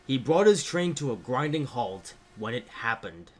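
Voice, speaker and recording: A man narrating a cartoon story in a plain, steady manner. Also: medium pitch, moderate pace.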